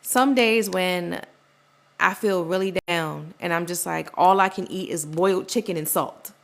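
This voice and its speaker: A woman's voice: on the low side, a little slow, vocal fry, a bit bright. A young woman hosting a podcast, talking in a loose, rambling way with lots of "like" and "you know", acting out the voices of people she quotes. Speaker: podcast host. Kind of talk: casual personal monologue.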